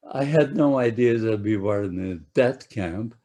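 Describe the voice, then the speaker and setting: A man in his nineties from Poland, giving personal testimony to an audience in a halting way that repeats words as he searches for them. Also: fairly low pitch, dark tone. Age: 90s. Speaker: Holocaust survivor giving a talk.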